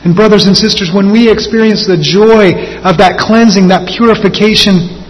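A man pastor delivering an earnest sermon, slowing and lifting his voice for emphasis. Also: sits high, steady tone. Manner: earnest preaching, slows and lifts for emphasis. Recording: dull sound with long hall reverb.

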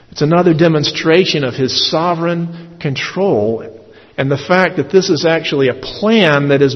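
A man teaches through a Bible passage in a measured, thoughtful way, often pausing on a filler "uh". His voice sits at an ordinary middle pitch. The recording sounds a little dull and carries a long reverb, as if made in a large hall. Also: husky.

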